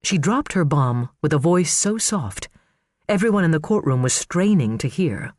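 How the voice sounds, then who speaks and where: A man narrating an audiobook thriller in an expressive, dramatic storytelling manner. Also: fairly high pitch, normal speed, dry recording, studio quality. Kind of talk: scripted narration.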